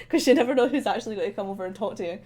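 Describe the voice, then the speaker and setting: Chatty woman with a soft Scottish accent. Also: fairly high pitch, breathy edge. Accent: central Scottish, softened posh. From Scotland. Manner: rambling, many ums and likes, laughs often. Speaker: streamer. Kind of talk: casual chat while drawing.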